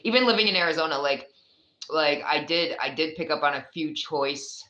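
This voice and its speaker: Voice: medium pitch, normal speed, bright, forceful tone, highs cut off. A speaker with a New York accent giving a casual, rambling tarot reading, chatty and swearing freely. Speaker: tarot reader.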